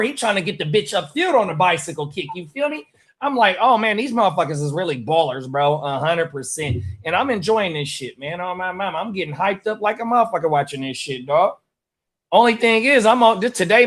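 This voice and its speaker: A man's voice: high voice, fairly bright tone. A man hosting a sports watch party in casual, profane, hyped-up chat. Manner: hyped, slangy, swears a lot.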